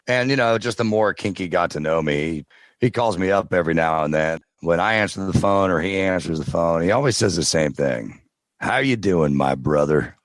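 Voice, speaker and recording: Man, very low voice, dry close mic, relaxed storyteller, podcast guest. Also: no room sound. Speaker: podcast guest, audiobook narrator. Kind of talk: casual interview chat.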